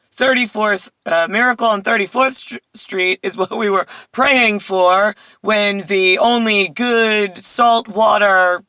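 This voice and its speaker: Rambling New woman, bright dry voice. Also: mid-range voice, no room sound, poor audio. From Bayside, New York. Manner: rambling, jumps between tangents, muses aloud. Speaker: vlogger. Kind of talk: casual monologue to camera. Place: at home indoors.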